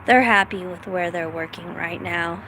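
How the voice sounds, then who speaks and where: A woman's voice: on the low side, normal speed, pushed and bright, a little hiss or hum, poor audio. A middle-aged woman from the United States, rambling casually in a self-deprecating vlog with lots of fillers. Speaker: vlogger.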